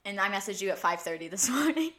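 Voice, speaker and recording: Bright-voiced chatty woman. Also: medium pitch, sing-song, quick pace. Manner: chatty, laughing, lots of "like". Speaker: podcast co-host. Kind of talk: casual chat.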